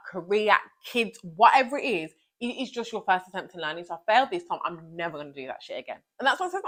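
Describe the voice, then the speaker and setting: A young woman, a vlogger and teacher, giving a motivational talk to camera in an energetic, emphatic way, often repeating key phrases. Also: mid-range voice.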